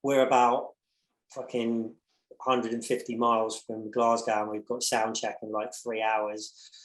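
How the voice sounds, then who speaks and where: A man's voice: mid-range voice, unhurried, roomy sound, rough recording. Rambling man telling tour stories. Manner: rambling, profane, animated storyteller with many restarts. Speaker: podcast guest, musician. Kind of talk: casual anecdote telling.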